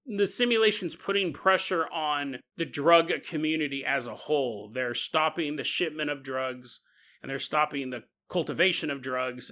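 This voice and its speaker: Bright-voiced animated male podcast host. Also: fairly high pitch. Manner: animated, jokey, acts out quotes in voices. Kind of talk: comedic conspiracy podcast monologue.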